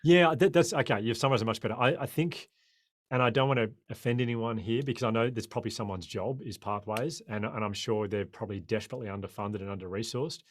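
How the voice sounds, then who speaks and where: An Australian man in his forties, a guest on a podcast interview, talking in an impassioned, animated way. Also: fairly low pitch, fast talker, no echo. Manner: impassioned, animated storyteller who acts out quoted voices.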